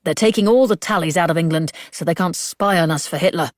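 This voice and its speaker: A woman's voice: lowish voice, fast talker, dry recording, natural voice. A woman voicing Mister Stokes, a stern male warden who speaks dryly and impatiently. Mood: dismissive. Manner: dry, impatient, clipped. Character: stern older male warden, cautious, dismissive.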